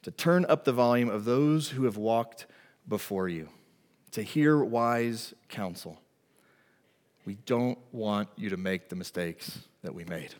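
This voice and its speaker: Pastor preaching in a reverberant hall. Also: male voice, on the low side, unhurried. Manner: storytelling, animated and emphatic. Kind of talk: sermon.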